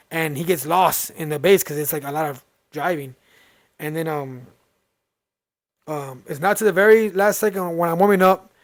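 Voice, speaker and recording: A man's voice: fairly high pitch, no room sound, clean studio sound. A man, telling a story in casual podcast talk and acting out the dialogue. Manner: animated, acts out quoted dialogue. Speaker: podcast host.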